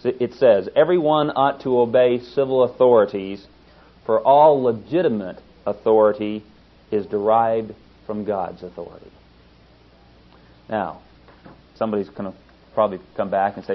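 A man's voice: normal speed, long pauses. Earnest man teaching scripture, lo-fi. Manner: earnest, emphatic, rises in pitch to stress points. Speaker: Bible teacher. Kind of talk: sermon-style Bible teaching. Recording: dull lo-fi recording.

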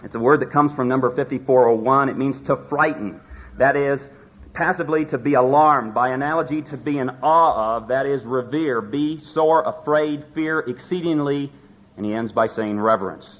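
A man preaching a sermon, stressing key words and slowing down to drive his points home. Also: mid-range voice. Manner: emphatic, slows down to stress words. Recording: slightly dull lo-fi recording with faint noise.

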